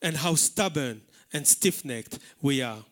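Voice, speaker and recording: A man's voice: medium pitch, expressive, unhurried, fairly bright tone. A man preaching a live sermon in church, earnest and emphatic, repeating words for stress. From Malta. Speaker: pastor. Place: church hall, live service.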